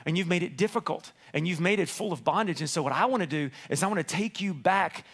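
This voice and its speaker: A man preaching a sermon as pastor, animated and playful, acting out voices in his stories. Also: sits high, quick pace.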